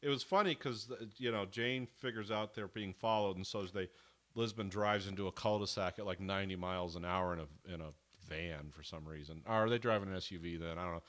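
A man with a lowish voice and a bright, forceful tone, chatting casually about a TV episode. He rambles from point to point and keeps slipping into the characters' lines as he retells scenes. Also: fairly quick. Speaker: podcast co-host. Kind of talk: casual TV recap chat.

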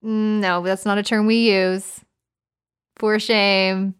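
A woman's voice: mid-range voice, level tone, slow pace, smooth. Canadian woman, podcast co-host, breezy and joking. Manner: chatty, playful, slips into joking accent impressions. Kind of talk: casual chat.

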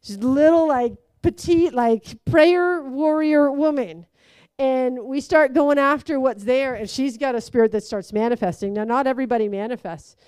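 A woman giving a conversational sermon, telling stories with lively acted-out quotes. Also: sits high, normal speed, clean tone, no room sound. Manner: animated storytelling, acts out quotes. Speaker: preacher.

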